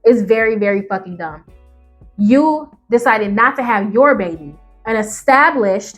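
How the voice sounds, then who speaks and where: A woman's voice: a little high, lively intonation, unhurried, faint music behind. A woman YouTuber giving ranting reaction commentary on Reddit stories, profane and emphatic, firing off rhetorical questions.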